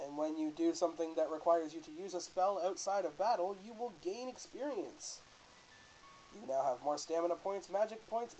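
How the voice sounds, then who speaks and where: A man's voice: a little high, dark tone, rough recording. Joking man doing let's play commentary. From Canada. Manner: casual, joking, self-correcting. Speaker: host.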